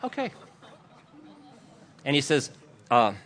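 Pastor, male, animated storyteller from the pulpit, acts out quotes and laughs. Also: medium pitch, moderate pace. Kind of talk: storytelling sermon.

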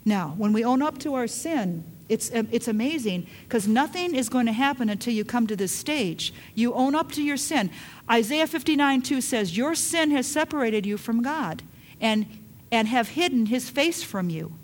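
A middle-aged woman preaching a sermon, emphatic, dropping to hushed lines and rising to loud urgent calls. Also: fairly high pitch, lively intonation, normal speed. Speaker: pastor.

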